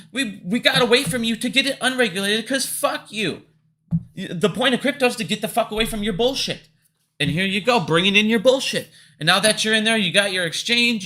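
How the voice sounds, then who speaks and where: A man hosting his own finance video, ranting with heavy swearing and swinging between loud outbursts and low mutters. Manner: angry, profane, swings between shouting and muttering. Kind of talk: profane ranting commentary.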